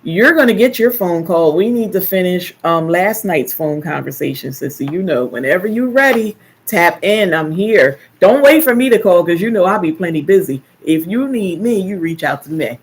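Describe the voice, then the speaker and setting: An older woman hosting a casual live stream, chatting and telling animated stories with playful teasing. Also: fairly low pitch, moderate pace, few pauses, slight background noise. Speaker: live stream host, caregiver. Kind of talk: casual chat.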